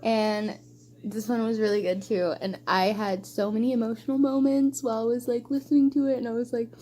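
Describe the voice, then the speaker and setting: Gushing young woman vlogger, soft tone. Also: on the high side, little pitch movement, brisk. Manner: gushing, emotional, rambling with many likes. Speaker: book vlogger. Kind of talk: casual book wrap-up chat.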